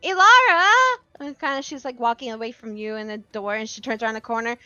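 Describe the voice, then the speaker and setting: A woman's voice: fairly high pitch, fairly even intonation, fast, a bit bright, no echo, lo-fi sound, faint music behind. A woman running a tabletop game as game master, narrating casually with lots of "like" fillers.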